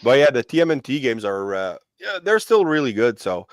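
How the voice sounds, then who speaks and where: A man hosts a casual livestream chat and rambles through his points, stopping and restarting his sentences. His voice sits at an ordinary pitch and sounds close and dry, with no room around it. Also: very animated, no room sound. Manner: rambling, halting, many restarts and fillers. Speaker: host of a collectibles channel livestream.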